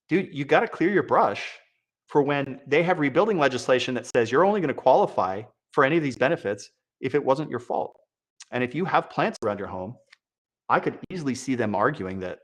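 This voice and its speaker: A man giving sarcastic, exasperated political commentary, mocking what he reads aloud. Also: on the high side. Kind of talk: opinion commentary.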